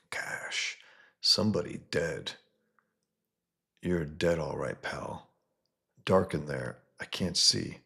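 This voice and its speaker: A man casually reviewing a comic book, reading its panels and sound effects aloud between relaxed comments. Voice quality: very deep, gravelly and husky.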